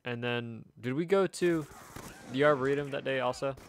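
A man's voice: medium pitch, normal speed, a little hiss or hum. A young man streaming a game, telling a long rambling story with chuckles in casual chat. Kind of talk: casual chat while gaming. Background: faint video game gunfire.

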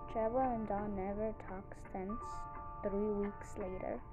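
A woman reading all the parts of a homemade drama, switching roughly between character voices. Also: mid-range voice, fairly even intonation, unhurried, muffled recording, over music.

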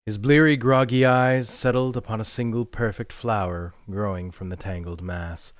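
A man giving measured, dramatic scripted narration of a dark fantasy novel. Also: lowish voice, fairly even intonation, no echo. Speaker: audiobook narrator.

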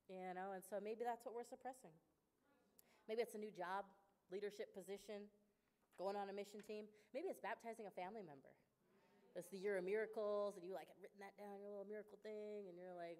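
Animated woman preaching with personal stories. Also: medium pitch, a little fast. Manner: conversational, animated, laughs often, acts out quoted dialogue. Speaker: speaker at a women's church service.

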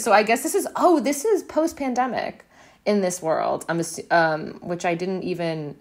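A woman's voice: fairly low pitch, very animated, normal speed. A woman co-hosting a podcast, chatting casually with a lot of fillers while recapping a TV episode. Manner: chatty, many fillers and quoted lines. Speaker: podcast co-host.

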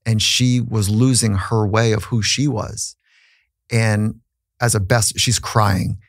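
A man's voice: on the low side, steady tone, takes it slowly, dry recording, studio quality. A man who is a psychologist, telling a personal story in an earnest, reflective way on a podcast, with frequent restarts.

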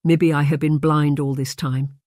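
A proud young Highland warrior with a Scottish accent, as an audiobook narrator puts him on. He is a man who speaks with hot-headed defiance in a dry, close storybook reading. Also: flat delivery, unhurried, darkish tone, dry recording, natural voice. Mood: impassioned. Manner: impassioned, defiant.

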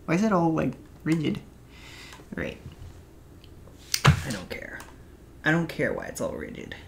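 A man's voice: on the high side, sing-song, normal speed, long pauses, a little hiss or hum. A man in his twenties rambling and joking to himself as he builds, half-singing and drifting into a put-on southern drawl. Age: 20s. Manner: goofy, joking, mutters and half-sings to himself. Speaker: vlogger.

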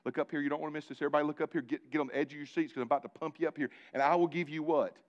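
A man preaching a live sermon in church, animated and joking with his congregation, calling on them directly. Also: on the high side, rapid-fire, dull audio. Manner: animated, talks directly to the congregation with asides and jokes. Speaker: pastor. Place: church sanctuary before a congregation.

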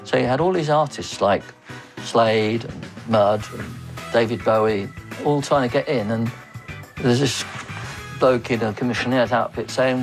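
Gravelly man telling old stories. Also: medium pitch, unhurried, long pauses, faint music behind. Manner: easygoing anecdotal storytelling. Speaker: interviewee. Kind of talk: reminiscing interview.

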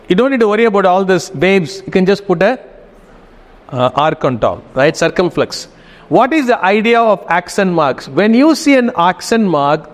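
A man giving a casual classroom lecture, often checking in with his students. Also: sits high. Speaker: teacher. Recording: reverberant hall.

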